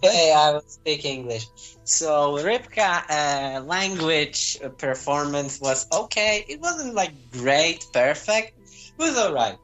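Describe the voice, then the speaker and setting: A Polish man speaking English in casual talk with friends, hesitant and full of "like" and pauses. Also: a little high, very animated, a bit bright, faint music behind, poor audio. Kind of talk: casual banter among friends.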